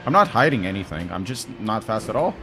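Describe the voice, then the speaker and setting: A man's voice: on the low side, sing-song, fast talker, bright, forceful tone, slight background noise. A young man with a Portuguese accent from Portugal, chatting casually to his stream chat while sim racing, wry and talkative.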